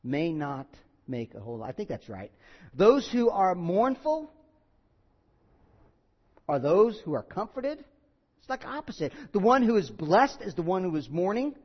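A man's voice: sits high, sing-song, measured pace, long pauses, slightly rough, in a large hall, dull audio. A man preaching a sermon, earnest, with small jokes and asides to the congregation. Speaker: pastor.

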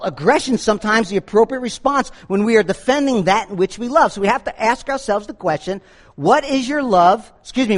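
A man preaching a sermon, animated, swinging between booming lines and low asides. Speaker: pastor.

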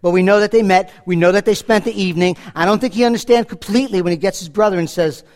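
A middle-aged male pastor delivers a sermon in a fairly high voice. He tells personal stories with lively swings, dropping to hushed asides and rising to loud emphasis. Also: fast.

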